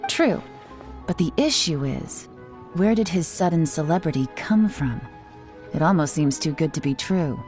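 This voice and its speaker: A woman voicing a calm, shrewd young female traveler in video game dialogue, measured and politely formal. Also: sits low, music in the background. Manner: measured, playfully formal when flattering.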